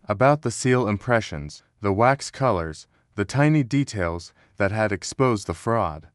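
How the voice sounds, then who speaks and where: Low, steady male story narrator. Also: no echo, studio quality. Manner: steady, measured storytelling with quoted dialogue read in the same voice. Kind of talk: scripted narration of a historical story.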